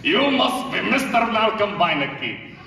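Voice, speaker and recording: A man's voice: high voice, sing-song, a little slow, very noisy, full character voice. A man playing a flamboyant, gallant father in a stage musical, recorded in an echoey hall from far away. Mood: grandiose. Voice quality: theatrical, grand and playful.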